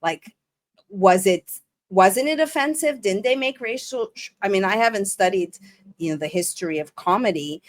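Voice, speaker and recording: A woman hosting an interview, thinking aloud in halting, searching sentences. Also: mid-range voice, animated. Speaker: host. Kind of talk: casual interview talk.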